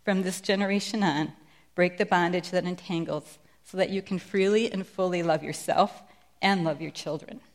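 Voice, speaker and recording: A woman's voice: on the low side, steady tone, normal speed. A middle-aged woman sharing a Christian testimony in a sermon, speaking with earnest, emphatic conviction. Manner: earnest, emphatic preaching delivery.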